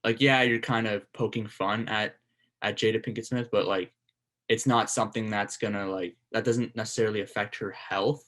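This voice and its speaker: A man co-hosting a podcast in a casual chat, talking in a measured way and checking facts with questions. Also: fairly low pitch, fairly even intonation, fairly bright tone. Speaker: podcast co-host.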